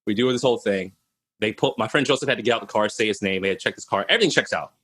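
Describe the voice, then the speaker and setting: A man's voice: lowish voice, very fast, breathy edge. A young man from Minnesota telling stories on a video call, laughing and acting out the voices of the people in them. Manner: animated, laughing, acts out voices in his stories. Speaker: podcast guest. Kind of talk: casual storytelling on a video call.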